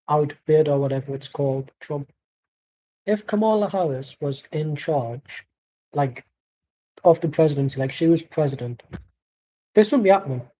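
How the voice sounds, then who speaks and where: A man's voice: fairly high pitch, dark tone, rough recording. A man streaming a football watchalong who rants angrily and sarcastically while reacting live to the match. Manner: angry, sweary, sarcastic. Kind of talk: live match commentary and rant.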